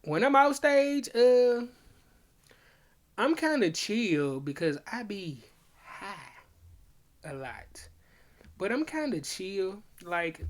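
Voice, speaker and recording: Young comedian dude on his own podcast, kinda high voice, slangy, plays both sides of his stories. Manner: loose storytelling, slangy, acts out both sides of arguments. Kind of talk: casual livestream chat.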